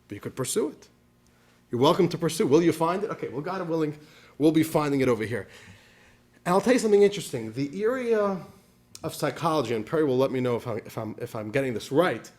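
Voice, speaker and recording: Animated rabbi telling a story. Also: male voice, on the high side. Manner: animated storyteller who drops in Yiddish words. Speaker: rabbi teaching a course. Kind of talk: storytelling lecture to a class.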